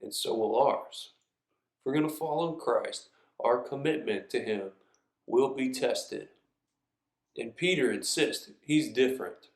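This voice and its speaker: A male preacher delivers a sermon in an earnest, reflective manner at an ordinary middle pitch. His voice rings with noticeable room echo, as if recorded in a church sanctuary. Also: measured pace. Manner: earnest and reflective, reads scripture aloud. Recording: echoey room.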